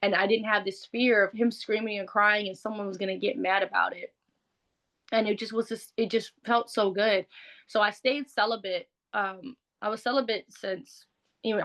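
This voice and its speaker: A woman talks as an interview guest, recounting her own experiences openly. Her delivery is casual and conversational, full of "like" and quick restarts, frank rather than polished. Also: medium pitch, a bit bright. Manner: frank, conversational, heavy use of "like". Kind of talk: candid personal storytelling.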